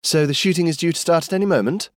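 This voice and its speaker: A man's voice: medium pitch, very animated, a little fast, darkish tone, no room sound, studio quality, voice pushed up. A man voicing a spirited, headstrong young woman of twenty-one in an audiobook, speaking in a raised, mocking and defiant voice. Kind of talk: audiobook character voice.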